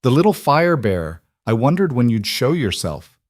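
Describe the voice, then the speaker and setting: Male narrator voicing a cruel ancient witch, mocking and menacing, pitched up. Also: sing-song, normal speed, no room sound, clean studio sound, lightly acted. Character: cruel ancient witch woman, taunting and cold.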